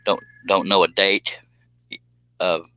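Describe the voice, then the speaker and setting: A man's voice: low voice, little pitch movement, takes it slowly, sharp tone, clean tone, dry recording, poor audio. A man hosting a casual live stream from his workshop, chatting as he works and reading out comments, rambling and self-deprecating with frequent chuckles. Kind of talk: casual live stream chat while working.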